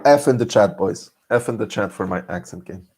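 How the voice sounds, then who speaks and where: Jokey man, lively pitch. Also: brisk, breathy edge. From Serbia. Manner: jokey, laughs often between lines. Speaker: streamer. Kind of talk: casual live-stream chat.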